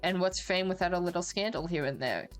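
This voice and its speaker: A woman voicing a flamboyant, charming male robot star who talks in a smooth, teasing, affectionate way. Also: lowish voice, fairly quick, faint music behind, natural voice, poor audio. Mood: flirty.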